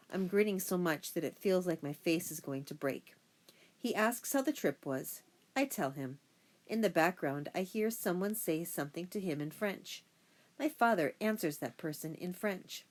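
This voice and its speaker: A woman narrating a first-person children's audiobook in a steady storytelling voice. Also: on the low side, moderate pace.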